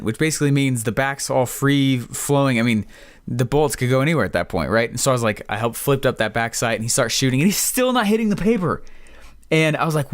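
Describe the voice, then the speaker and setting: A man's voice: medium pitch, quick pace, dry recording, studio quality. Rambling man telling a casual story. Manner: rambling, filler-heavy, excitable. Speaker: podcast host.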